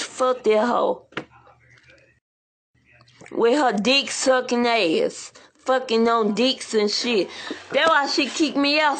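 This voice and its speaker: A woman's voice: on the high side, a bit bright, slight background noise. A woman ranting bluntly and profanely in a casual livestream, rambling from one complaint to the next.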